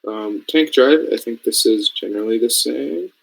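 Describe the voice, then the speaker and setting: A man's voice: mid-range voice, normal speed, gravelly, rough recording. Casual young man teaching code. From Canada. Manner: casual, thinking aloud, checks understanding often. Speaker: robotics programming mentor. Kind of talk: screen-share coding lesson.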